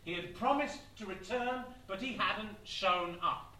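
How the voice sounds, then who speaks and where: A man doing live stand-up, telling an absurd story in a deadpan way with wry asides. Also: high-pitched, a little slow, heavy background noise. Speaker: stand-up comedian. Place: comedy venue with live audience. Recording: echoey club, distant mic, audience.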